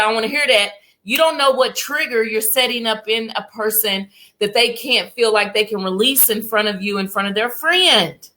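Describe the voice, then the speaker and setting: A woman's voice: mid-range voice, sharp tone. A woman co-hosting a casual podcast, giving emphatic, preachy advice to a friend. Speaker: podcast co-host.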